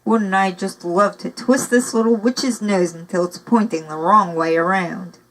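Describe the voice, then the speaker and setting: A woman's voice: mid-range voice, unhurried, lightly acted, low-quality recording. A woman reading aloud and voicing a huge, brutish male henchman who growls his words. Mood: growling.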